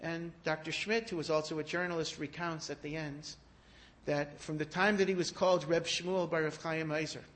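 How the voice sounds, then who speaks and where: A man giving a sermon, telling stories in an animated way that rises to emphatic peaks. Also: fairly high pitch, moderate pace. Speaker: rabbi giving a talk. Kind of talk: storytelling sermon.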